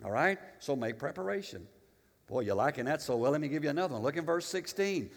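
A male pastor preaching a sermon, animated and emphatic, with humorous asides and storytelling. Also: a little high, quick pace, big-room sound.

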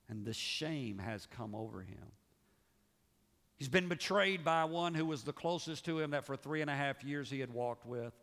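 A male pastor preaching a sermon, swinging between raised, emphatic passages and hushed, low ones. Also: vocal fry. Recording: long reverb of a large hall.

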